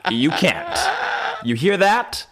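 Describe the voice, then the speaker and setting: A man's voice: on the low side, lively intonation, moderate pace, a crowd in the background, lightly acted. Ancient male vampire, formal, cold menace, mock-polite ; a man puts it on. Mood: menacing boast.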